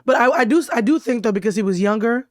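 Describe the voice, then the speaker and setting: A woman hosting a podcast, telling a dating story in casual chat, her voice hoarse from laryngitis. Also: a little high, fast, no echo, studio quality. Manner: chatty and expressive, storytelling. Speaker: podcast host. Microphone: studio mic.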